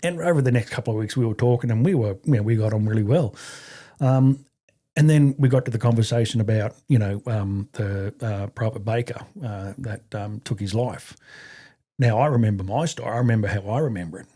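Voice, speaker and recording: A middle-aged Australian man telling his story as a podcast guest in a halting way, with many restarts and fillers and blunt swearing. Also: fairly low pitch, mellow. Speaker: podcast guest, army veteran. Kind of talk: casual conversational storytelling.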